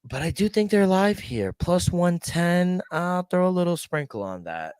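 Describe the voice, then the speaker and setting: A man's voice: sits high, sing-song, moderate pace, darkish tone, clear, resonant tone, no room sound. A man co-hosting a sports betting podcast, talking casually with frequent swearing and exasperated rants about his team.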